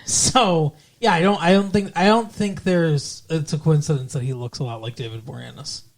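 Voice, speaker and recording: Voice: medium pitch, normal speed. Joking, swearing podcast co-host. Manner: joking, swearing, retelling scenes in quoted voices. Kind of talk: casual chat about a TV show.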